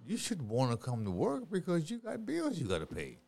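Middle-aged male guest, lively sing-song pitch, preachy and repetitive, casual podcast talk. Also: a little fast, creaky. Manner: animated, repeats words, preachy.

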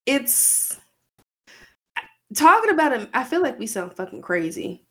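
A woman's voice: fairly high pitch, very animated, measured pace, pauses often, breathy edge. Candid, rambling woman co-host. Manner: candid, swears freely, rambling with frequent "like". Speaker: podcast co-host. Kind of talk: casual chat.

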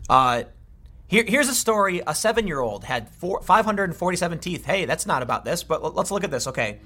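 Guy ranting about the news, bright kinda tense voice, keeps restarting, a bit high. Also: animated, a little fast, husky. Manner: exasperated, ranting, many restarts. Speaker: political commentator. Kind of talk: casual commentary.

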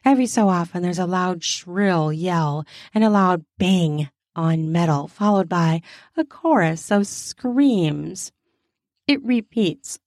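Slow, low-voiced woman narrating. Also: darkish tone, dry recording, studio quality. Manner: breathy moaning asides. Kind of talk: sensual first-person story narration.

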